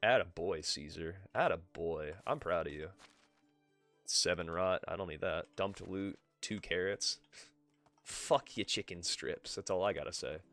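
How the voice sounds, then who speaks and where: A man's voice: low voice, moderate pace, fairly bright tone, faint music behind. A man streaming a game live, swearing freely and chatting with his viewers and his cat. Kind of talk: live gameplay commentary.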